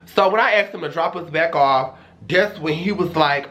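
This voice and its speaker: Sassy high-voiced young man telling a story. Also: moderate pace. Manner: sassy, dramatic, animated. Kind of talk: storytime vlog.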